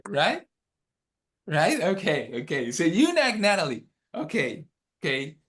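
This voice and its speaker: A man's voice: a little high, wildly swooping pitch, a bit bright. A man teaching a dharma workshop over a video call, guiding the group through an exercise and checking in often. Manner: unhurried, checks in often with "okay?".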